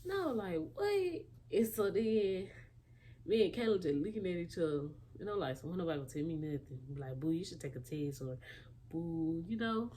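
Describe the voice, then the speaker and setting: Young woman telling a lively storytime. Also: lowish voice, brisk, a little hiss or hum. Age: young adult. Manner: animated storytelling, acting out quotes. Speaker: vlogger. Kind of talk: casual storytime.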